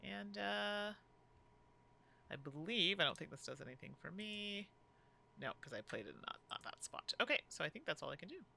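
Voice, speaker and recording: Woman cohost narrating her board game turn, super lively up-and-down voice, really bright, lots of groans. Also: medium pitch, moderate pace, gravelly, a little hiss or hum. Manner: animated, groaning and self-deprecating. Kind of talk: casual game playthrough chat.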